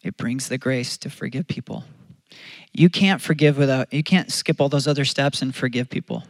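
A man's voice: mid-range voice, moderate pace, no room sound. A man preaching a sermon as pastor, earnest and conversational, often restarting his phrases.

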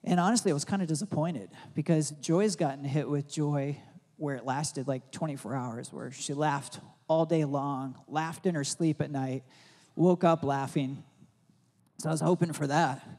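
A pastor giving a sermon, telling a rambling personal story full of fillers and restarts, growing loud and excited as he retells it. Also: a little high, moderate pace, in a large hall.

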